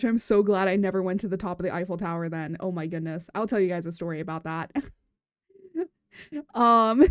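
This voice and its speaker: A woman's voice: on the low side, smooth, dry recording. A woman streaming as a VTuber, chatting casually, giggling and rambling as she restarts her words. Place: room at home.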